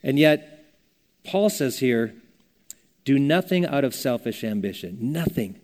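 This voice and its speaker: A man's voice: medium pitch, big pitch swings, unhurried, a little mellow. An older man preaching a sermon as a pastor, earnest and conversational, telling stories as he teaches. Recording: long reverb of a church hall.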